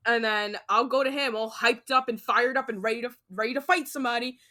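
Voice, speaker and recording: A woman in her twenties co-hosting a podcast, chatting casually with animated, profane storytelling. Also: fairly high pitch, a little fast. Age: 20s. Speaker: podcast co-host. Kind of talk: casual chat.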